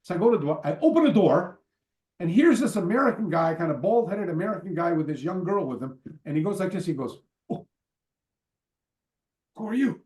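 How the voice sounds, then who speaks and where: This fast-talking older man, a martial arts teacher, has a high voice and an echoey room around him. As a guest on a call interview, he wanders through animated anecdotes full of asides and filler words.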